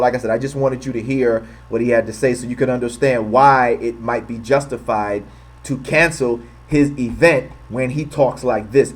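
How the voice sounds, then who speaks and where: An American man hosting a commentary video, talking in a heated way and often restarting his phrases. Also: mid-range voice. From United States. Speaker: host.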